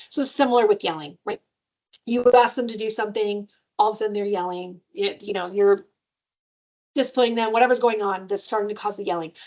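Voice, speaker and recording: A woman in her thirties presenting a parenting webinar in a conversational way, often asking "right?" and acting out quotes. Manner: conversational, frequent "right?" tag questions; acts out child and parent quotes with sudden high pitch. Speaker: adoption agency trainer.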